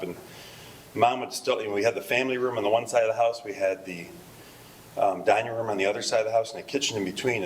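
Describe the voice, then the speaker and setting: This eulogist, a middle-aged man whose voice sits on the low side, tells family stories at a memorial in a rambling, conversational way, often laughing and using fillers. The low-quality recording has a slight hiss or hum.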